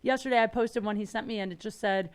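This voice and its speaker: A woman guest on a podcast, talking in casual chat, animated and quick to laugh. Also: fairly high pitch.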